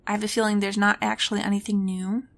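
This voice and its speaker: A woman's voice: mid-range voice, flat delivery, quick pace, creaky, slight background noise. A woman playing a game and thinking aloud, musing and asking herself questions as she goes. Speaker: let's play gamer. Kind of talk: casual game commentary.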